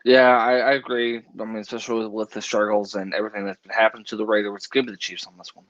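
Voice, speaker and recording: A man's voice: lowish voice, level tone, very fast, a bit bright, dry recording. A man co-hosting a sports podcast in casual chat, hesitant and repeating words as he talks. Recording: dull, slightly lo-fi mic.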